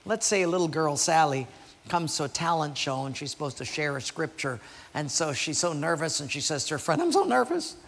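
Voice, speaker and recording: A man's voice: fairly high pitch, brisk, big-room sound, a little hiss or hum. A man, a pastor, preaching a sermon and telling stories with acted voices. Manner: storytelling with acted voices, animated. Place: church sanctuary.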